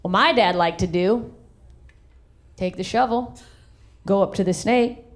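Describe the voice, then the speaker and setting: A woman performing a high-energy stand-up comedy set on stage, acting out voices and shouting her punchlines. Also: a little slow. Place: comedy stage in front of a live audience. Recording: live stage recording with crowd. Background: audience laughter.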